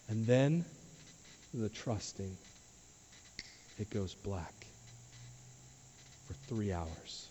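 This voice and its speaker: A man, a pastor, preaching a sermon to his church, dropping to quiet low asides and rising to loud emphatic questions. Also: takes it slowly, pauses often. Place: church sanctuary. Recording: dull sound with long hall reverb.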